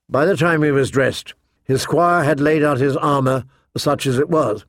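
A man narrating a fantasy novel in steady scripted narration. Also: fairly high pitch, normal speed, no room sound, studio quality. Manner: steady storytelling. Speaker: audiobook narrator.

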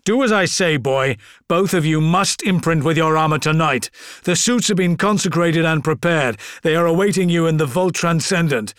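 A man's voice: a little high, normal speed, fairly bright tone, clean tone, dry recording, studio quality, close to an everyday voice. A man voicing a stern, wounded lord barking orders through gritted teeth in an audiobook. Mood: commanding. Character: stern wounded older male lord, commanding.

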